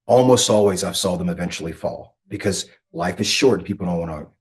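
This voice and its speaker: A man interviewing an actress, talking in a measured, thoughtful way with pauses. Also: low-pitched, darkish tone. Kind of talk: conversational interview.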